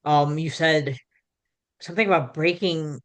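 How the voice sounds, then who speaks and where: A woman's voice: low-pitched, a little slow. A woman hosting a podcast, asking her guest questions in a casual, conversational way. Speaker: podcast host.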